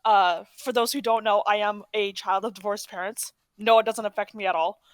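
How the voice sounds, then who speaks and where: A woman's voice: mid-range voice, steady tone, brisk, dry recording. Young woman, podcast co-host, rambling casual talk, dry close sound. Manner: rambling, self-correcting, chatty. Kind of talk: casual chat.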